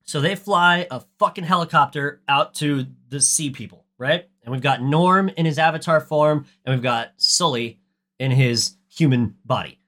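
A man's voice: on the high side, moderate pace, fairly bright tone. A man co-hosting a podcast, recapping a movie in casual chat with a ranty, profane, sarcastic manner. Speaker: podcast co-host.

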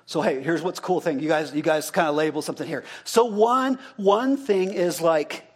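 A man's voice: on the high side, normal speed, breathy edge. A male pastor giving an interactive sermon, talking casually and asking the congregation questions, then repeating their answers back.

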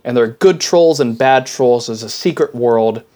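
A man's voice: mid-range voice, moderate pace, mellow. A man co-hosting a podcast, chatting casually and enthusiastically, rambling with lots of fillers. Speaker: podcast co-host. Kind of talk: casual chat.

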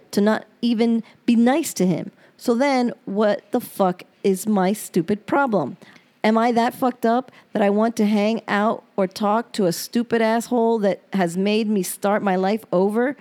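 Woman with a dark, mellow voice. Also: medium pitch. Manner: frank and emotional, with swearing. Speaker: podcast host reading her journal aloud. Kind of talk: reading personal diary entries aloud.

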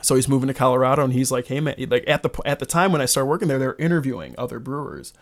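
A man's voice: mid-range voice, expressive, racing. A young man in his twenties, a guest brewer on a podcast, telling a long story in loose casual chat full of filler words.

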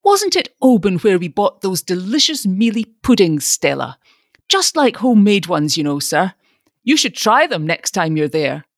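A querulous old father, anxious and absent-minded, fretting through his words, as a woman reading a storybook puts him on. The pitch swings lively and the sound is close and dry. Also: normal speed, no room sound. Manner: querulous, fretful.

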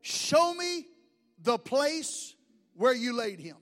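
A pastor delivers a sermon in a high, ringing voice, rising to shouts and dropping to near whispers. His words roll through a large church with a long echo, and faint music plays beneath. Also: sing-song, slow. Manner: dramatic preacher, swinging from shouts to hushed whispers. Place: church sanctuary.

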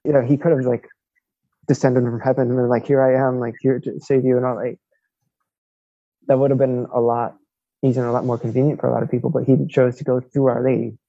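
A man's voice: medium pitch, flat delivery, fast, creaky, dark tone, dry recording, muffled recording. A man, a Franciscan friar, talking casually as a guest and leaning on "like" a lot. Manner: talkative, peppers speech with "like". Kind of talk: casual conversation. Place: Italy.

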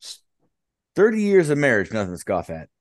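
A man co-hosting a podcast, chatting casually in a halting way with many restarts. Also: mid-range voice, huge pitch swings, no echo, studio quality. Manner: halting, restarts often, slow drawl. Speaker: podcast co-host. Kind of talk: casual banter.

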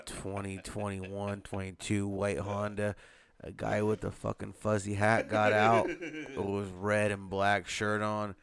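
A man's voice: on the low side, little pitch movement, a little slow, vocal fry, crowd noise. A man co-hosting a podcast in casual banter, teasing and pushy, repeating his questions over and over. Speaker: podcast co-host.

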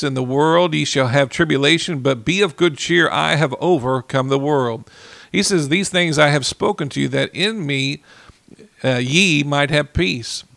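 A man preaching a sermon in an earnest way, repeating key phrases and slowing down to stress them. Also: mid-range voice, vocal fry, bright, forceful tone, no echo.

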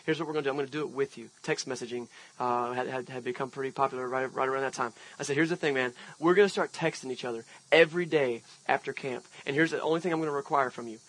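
A man's voice: medium pitch, quick pace, few pauses, a bit bright, rough recording. A man preaching an outdoor sermon as pastor, telling a personal story in a conversational way with emphatic swells. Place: outdoor park service.

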